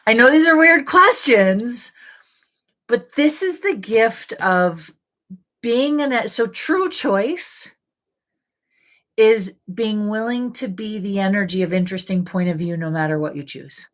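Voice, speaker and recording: A woman coaching an online audience in a relaxed, conversational way. She leans on rhetorical questions and coaxing prompts, her speech loose and filled with casual "like"s. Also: medium pitch, unhurried. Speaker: intuitive life coach. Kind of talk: live coaching session answering viewer questions.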